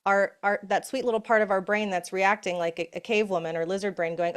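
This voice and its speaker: A middle-aged woman giving a conversational motivational talk, often asking "right?" and slowing into soft, hushed affirmations. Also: mid-range voice, steady tone, smooth. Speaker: summit speaker. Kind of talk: motivational talk on breath and safety.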